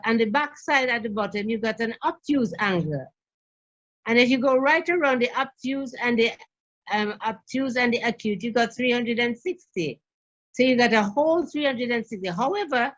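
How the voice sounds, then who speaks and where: An older woman with a somewhat high voice tells stories from her years training parents. She is a guest on a talk show, and she acts out the people in her stories as she goes. The recording sounds slightly dull and muffled. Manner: lively anecdotal telling with acted quotes.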